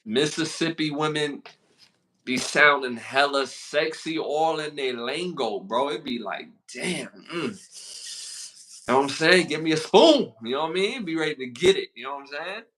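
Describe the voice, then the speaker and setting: Bright-voiced slangy male podcast host. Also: a little high, moderate pace. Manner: slangy, laid-back banter with frequent fillers. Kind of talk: casual chat.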